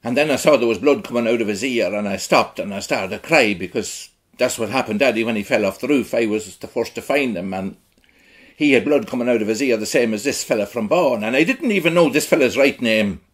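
Husky-voiced rural Irish man storytelling. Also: mid-range voice, animated, fairly quick. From Ireland. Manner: blunt, earthy storytelling. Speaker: actor in a one-man show. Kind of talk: theatrical monologue.

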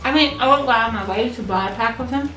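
Chatty bright-voiced young woman vlogger. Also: on the high side, fast. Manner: chatty and expressive, squeamish. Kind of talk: casual snack taste-test chat. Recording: echoey room with light music.

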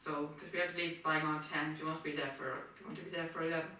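A woman chats on and on in a casual home video, circling back to the same points again and again. Her voice is bright and a little rough from a frog in her throat. She sits back from the camera in a kitchen that rings with echo, a faint hum behind her. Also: low-pitched, little pitch movement, rapid-fire. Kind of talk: rambling casual monologue. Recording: echoey kitchen, distant mic.

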